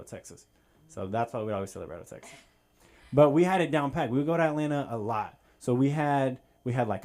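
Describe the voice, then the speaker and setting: A man's voice: mid-range voice, darkish tone. A man doing a stand-up set on a club stage, telling a story in a loose, rambling way with plenty of fillers. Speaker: stand-up comedian.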